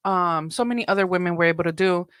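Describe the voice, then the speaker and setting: A woman's voice: fairly low pitch, quick pace, no echo, studio quality. A young woman co-hosting a casual wrestling podcast, talking as an emotional fan. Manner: warm, emotional fan, laughs easily. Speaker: podcast co-host.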